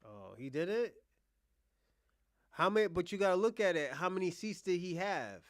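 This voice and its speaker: Excitable man in lively casual banter. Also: sits high, normal speed, no echo, clean studio sound. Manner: loud playful teasing. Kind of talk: casual chat.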